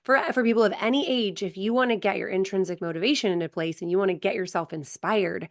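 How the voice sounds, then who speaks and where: A woman podcast host shares parenting stories with lively energy and acts out the dialogue as she goes. Her voice sits in a middle pitch, and her talk is warm-hearted and chatty. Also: fast talker. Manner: animated storyteller, acts out dialogue. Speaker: podcast host, performance coach. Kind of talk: conversational interview.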